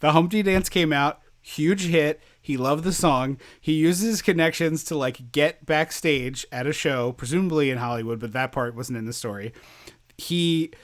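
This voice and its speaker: Podcast guy rambling about a movie, slightly high voice, lots of um and uh. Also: moderate pace. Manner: animated, rambling, lots of fillers and restarts. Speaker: podcast co-host. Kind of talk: casual movie podcast chat.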